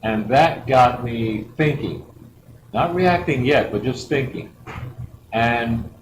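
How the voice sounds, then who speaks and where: A man's voice: medium pitch, slow. A middle-aged man giving a rambling personal story as a church guest speaker, acting out the quotes. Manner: rambling and lively, acts out quotes. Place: church hall. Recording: echoey hall with background noise.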